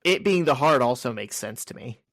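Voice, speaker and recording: A man's voice: mid-range voice, animated, a little fast, fairly bright tone, dry recording. Enthusiastic podcast co-host man, dry sound. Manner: enthusiastic, filler-heavy "like". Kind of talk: casual podcast chat.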